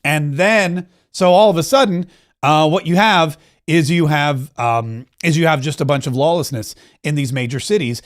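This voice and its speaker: High-voiced, animated male commentary host. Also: moderate pace. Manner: animated, emphatic, rambling with frequent restarts. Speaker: host of a political commentary show. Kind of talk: casual political commentary.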